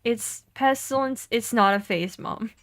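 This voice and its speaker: A woman's voice: fairly high pitch, measured pace, a bit bright, dry recording. A young woman streaming a game, chatting casually, giggling often and reading game text aloud.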